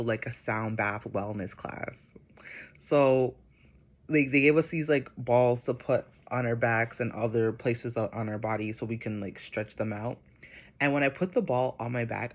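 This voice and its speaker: In a casual vlog, a man with a medium-pitched voice tells a personal spiritual story, chatting and rambling with plenty of fillers before growing soft and reflective.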